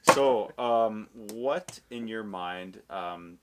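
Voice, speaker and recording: A man's voice: fairly low pitch, very slow, noisy background. A man hosting a podcast, asking questions in a laid-back, agreeable way with plenty of fillers. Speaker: podcast host. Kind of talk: casual interview.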